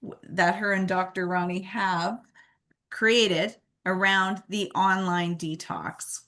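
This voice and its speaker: A woman's voice: medium pitch, fairly even intonation, slow, sharp tone. Woman host introducing a guest. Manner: introducing the next speaker. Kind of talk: live online show.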